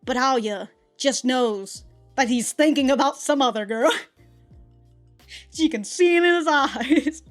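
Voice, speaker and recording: A woman with a slightly high voice talks through an anime episode in loose, unscripted reaction commentary. She laughs a lot, swears casually and fills her sentences with "like" and "you know". Faint music plays behind her. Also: slow. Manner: chatty, laughs often, swears casually, many fillers.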